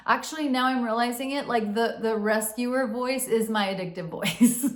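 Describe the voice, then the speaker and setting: A woman's voice: a little high, normal speed, hardly any pauses. A woman hosting a casual self-help talk, candid and swearing freely, acting out the inner voices she describes. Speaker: podcast host. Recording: roomy echo.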